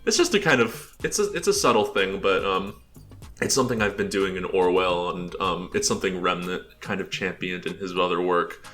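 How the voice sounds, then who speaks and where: A man's voice: sits low, normal speed, a bit bright, soft background music. An American man giving a casual, rambling walkthrough presentation, full of filler words and chuckles. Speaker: presenter showing his game build.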